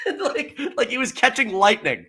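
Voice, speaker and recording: A man's voice: very high voice, huge pitch swings, takes it slowly, pushed and bright, slightly rough. A man co-hosting a podcast in casual chat, telling stories animatedly, laughing often and acting out what others said. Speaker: podcast co-host.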